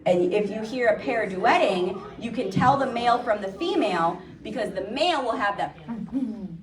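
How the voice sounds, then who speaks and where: A woman's voice: on the high side, animated, moderate pace, a crowd in the background. Playful woman teaching about owls. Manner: chatty and playful, imitating bird calls. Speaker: nature center educator. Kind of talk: live educational talk to an audience. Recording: echoey room, distant mic.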